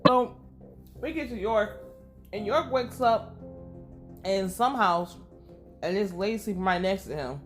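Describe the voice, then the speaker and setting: A young woman giving a casual, profane, laughing recap of a TV episode. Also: mid-range voice. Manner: animated, profane, laughing running commentary. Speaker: TV recap host.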